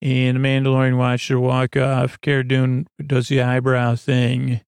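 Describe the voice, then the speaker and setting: A man hosting a sleep podcast, recapping an episode in a rambling, halting way full of fillers and restarts. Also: mid-range voice, monotone, a little mellow, clean tone, no echo.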